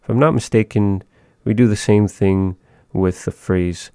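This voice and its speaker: A man giving a language lesson, thinking aloud in a slow, measured way with frequent pauses. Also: on the low side, steady tone, dark tone, smooth, no room sound, studio quality. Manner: slow, measured, pausing often. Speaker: language teacher.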